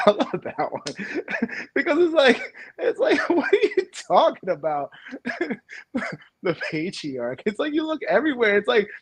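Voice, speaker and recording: A man's voice: extremely high pitch, wildly swooping pitch, a little slow, long pauses, slightly rough. A man co-hosting a casual podcast chat, laughing often and acting out the quoted voices in his stories. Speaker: podcast co-host. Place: home couch.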